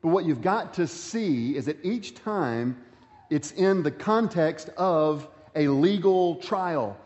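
A man's voice: on the high side, animated, slow, a little mellow, long reverb tail, highs cut off. A pastor giving a sermon, reading scripture aloud and stressing his points through repetition.

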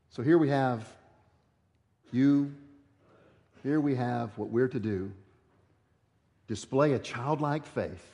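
A man's voice: medium pitch, darkish tone. A male pastor preaching an earnest sermon that is full of rhetorical questions. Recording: echoey hall.

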